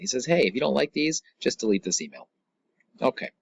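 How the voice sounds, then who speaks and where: A man explains a poem to his students in a relaxed, chatty way, full of asides and small jokes. His voice sits in an ordinary middle range and is recorded close and dry, with no room sound at all. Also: mid-range voice, brisk, gravelly, slightly rough, no room sound, lo-fi sound. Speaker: teacher. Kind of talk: recorded classroom lesson.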